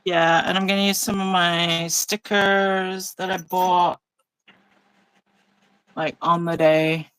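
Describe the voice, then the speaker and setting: A woman hosting a casual live craft session over a video call, chatty and relaxed, laughing often. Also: lowish voice, takes it slowly, pauses often, clean tone, no echo, low-quality recording. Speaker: craft channel host. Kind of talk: casual live-stream chat while journaling. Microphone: phone or tablet mic over a video call.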